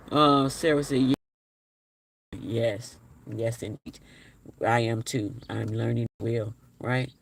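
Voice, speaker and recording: Gravelly forties guy on a live stream, low energy, reads comments out and repeats himself. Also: fairly even intonation, slow, a little hiss or hum. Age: 40s. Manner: repeats his phrases, talks straight to the chat. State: low energy, flat and tired-sounding. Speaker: livestream host. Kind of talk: casual live-stream chat, reading viewer comments aloud.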